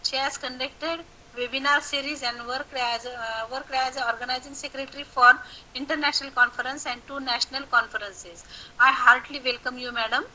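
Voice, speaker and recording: A woman reading a speaker's introduction haltingly on a video call, with pauses and fillers. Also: high voice, steady tone, sharp tone, a little hiss or hum, low-quality recording. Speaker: webinar introducer.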